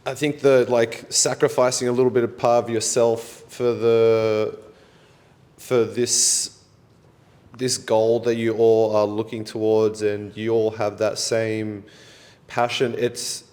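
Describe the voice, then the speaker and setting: A podcast host speaks in a low, fairly flat voice, relaxed and encouraging. A long reverb tail hangs on his words, as in a large hall. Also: slow. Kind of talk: casual chat.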